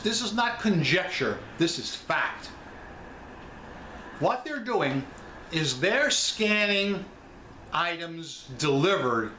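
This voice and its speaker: A man's voice: a little high, pushed and bright, roomy sound, slight background noise. A man with a New York accent, talking straight to his viewers about selling online in a blunt, emphatic way. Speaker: online seller vlogger. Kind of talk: casual chat.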